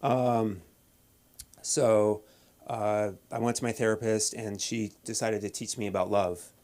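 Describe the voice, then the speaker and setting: A man doing a deadpan stand-up set at an open mic, halting with many restarts and fillers. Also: on the low side. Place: comedy club stage.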